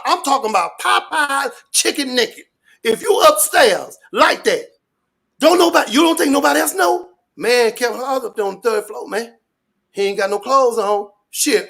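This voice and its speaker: A man ranting loudly and profanely in street slang, rambling and repeating his catchphrases. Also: very high-pitched, vocal fry. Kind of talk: animated rant to an interviewer.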